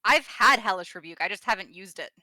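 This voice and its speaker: A woman's voice: mid-range voice, expressive, fast, bright, forceful tone. A woman playing a tabletop game, teasing and playful in casual chat. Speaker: player.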